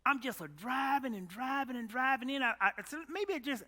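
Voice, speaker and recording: A man preaching a storytelling sermon, animated, exclaiming loudly at times and dropping to a hush at others. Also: very high voice, brisk, long reverb tail.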